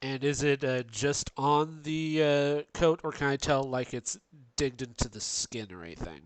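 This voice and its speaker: A man's voice: mid-range voice, a little slow, no room sound. A man playing a tabletop game, chatting casually and laughing often, at times with a slight lisp. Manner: laughing often, lisping at moments. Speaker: tabletop player.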